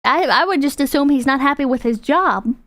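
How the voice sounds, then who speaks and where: A woman's voice: high-pitched, expressive, fairly quick, a bit bright, no room sound. A woman streamer chatting casually while reacting to videos, rambling through tangents, cursing freely and laughing often.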